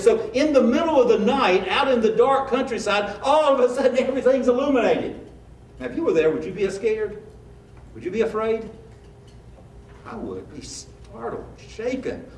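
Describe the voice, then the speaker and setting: A man's voice: extremely high pitch, animated, normal speed, a little hiss or hum. A man preaching a sermon as a pastor, in a conversational style with rhetorical questions. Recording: echoey room, mic at a distance.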